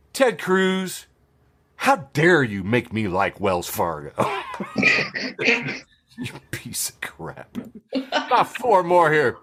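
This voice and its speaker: Sarcastic, lively-voiced male podcast host. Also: medium pitch. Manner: sarcastic, laughs often, swears freely. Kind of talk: casual commentary reading social media posts.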